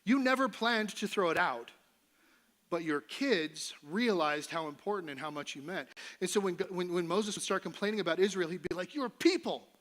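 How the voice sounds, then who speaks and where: In a church sanctuary, a middle-aged pastor with a somewhat higher-than-usual male voice preaches at a moderate pace, keeping things relaxed and conversational. He plays with voices for the figures in his story, notably Moses and God.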